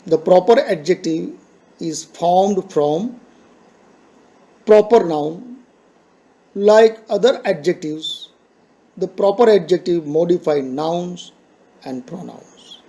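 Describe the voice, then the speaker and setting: This is a high-pitched man, giving a grammar lesson. He speaks slowly and patiently, restating each rule in simple words. His voice is mellow and soft-edged. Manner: patient, repeats points slowly, simple explanatory phrasing. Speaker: teacher.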